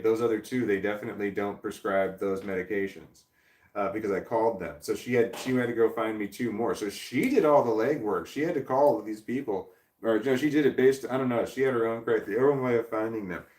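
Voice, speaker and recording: A man's voice: fairly low pitch, a little fast, a little mellow, roomy sound, distant mic. A man hosting a casual livestream from a chair indoors, rambling and self-deprecating as he answers chat. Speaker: livestream host. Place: indoor room, seated in a creaky chair.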